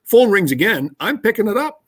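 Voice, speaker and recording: A man, a radio host, telling an anecdote in lively conversational style with laughs along the way. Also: high-pitched, a little fast, slightly rough. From Canada. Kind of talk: conversational storytelling.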